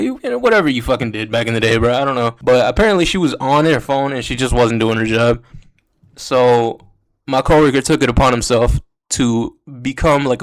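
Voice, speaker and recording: A young man rambles through a storytime vlog, swearing freely and dropping slang every few words. His pitch sits in an ordinary middle range, and his delivery is loose and conversational. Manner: profane and slangy, peppered with "bro". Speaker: storytime vlogger. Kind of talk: casual storytime monologue.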